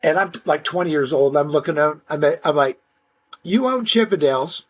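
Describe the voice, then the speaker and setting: An older man telling stories casually in an interview, animated and slangy, often restarting his sentences. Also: a little high, fast talker. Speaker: interview guest.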